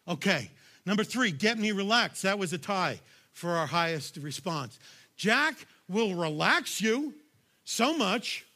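High, bright-voiced emphatic preacher man. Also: sing-song, a little slow. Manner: emphatic, punchy, shouts key lines; conversational, addresses audience directly. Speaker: pastor. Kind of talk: sermon.

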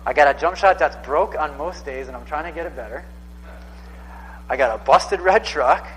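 A pastor in his thirties delivers a sermon in a large hall, his voice on the high side and his pace normal. He speaks casually and conversationally, often repeating himself for emphasis. The low-quality recording carries a little hiss or hum.

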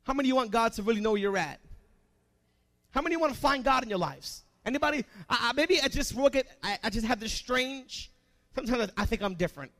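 A man preaching a sermon in a very high voice. He asks the congregation questions and drops to soft asides before rising to loud, emphatic lines. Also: lively intonation, quick pace. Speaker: pastor.

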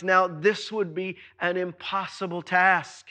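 A man preaching a sermon to his church, repeating words for emphasis and swinging between loud and soft. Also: high voice, slow. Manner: preaching with emphatic repetition and sudden swings in loudness. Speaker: pastor.

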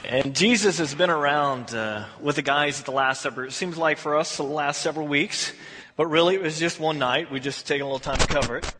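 Male pastor, high-pitched and husky, casual animated sermon, long church reverb. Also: brisk, over music. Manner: casual, animated, acts out the biblical characters. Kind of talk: conversational sermon.

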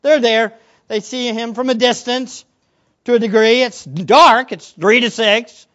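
A man preaching a sermon as pastor, animated, swinging between quiet asides and loud emphatic lines. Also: very high voice, measured pace. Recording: dull lo-fi recording.

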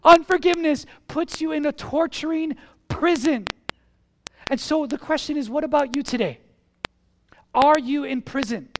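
High-voiced pastor preaching with emphatic repetition. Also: a little hiss or hum. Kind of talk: sermon.

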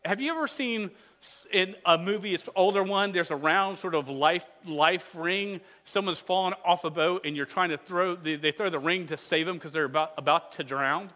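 A man's voice: high-pitched, normal speed. A man preaching a playful sermon, joking with the congregation and leading them through memory verses with hand motions. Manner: jokey, energetic, leads the crowd in call-and-response. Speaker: pastor. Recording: long hall reverb.

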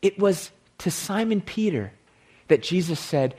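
A man preaching with a slightly husky, breathy voice pitched a little high. He speaks slowly and deliberately, climbing to loud emphatic declarations and then sinking to hushed words as he leads his listeners in prayer. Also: sing-song. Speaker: pastor. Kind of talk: sermon.

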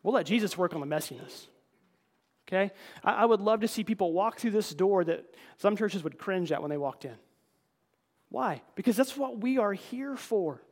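A man's voice: high voice, lively intonation, moderate pace. A man preaching a conversational sermon in a church, earnest, often repeating words and calling the congregation folks. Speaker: pastor.

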